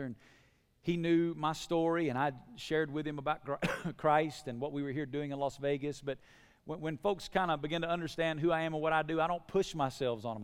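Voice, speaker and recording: A man preaching a sermon as pastor, emphatic, moving between hushed passages and loud, repeated lists. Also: on the high side, clear, resonant tone, in a large hall.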